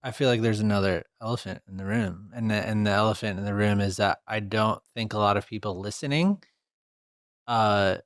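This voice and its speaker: A man's voice: on the low side, a little fast, dry recording, studio quality. A man hosting a podcast, posing questions in a casual, probing way. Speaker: podcast host.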